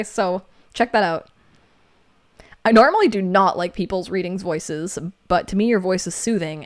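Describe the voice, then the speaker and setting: A woman in casual livestream chat, reading viewer comments aloud in a voice of middling pitch. She is playful and giggles often, jumping to squeaky exclamations when something surprises her. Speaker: livestream co-host.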